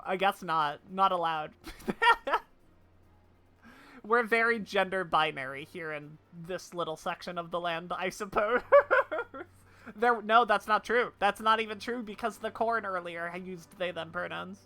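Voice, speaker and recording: A woman's voice: on the low side, a little slow, pushed and bright. A woman livestreaming a game, chatting with her viewers and laughing easily. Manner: chatty, giggly, answers chat. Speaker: streamer. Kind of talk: casual live game stream. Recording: faint game music behind.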